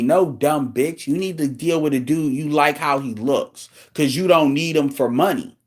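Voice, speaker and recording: A man's voice: on the high side, normal speed. A man hosting a show, delivering a blunt, profane, incredulous rant in casual talk.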